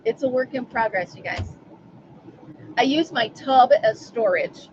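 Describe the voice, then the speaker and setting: A woman's voice: on the high side, animated, measured pace, dull audio, background noise. A woman hosting a casual live stream from home, chatting and answering viewers by name. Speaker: livestream host.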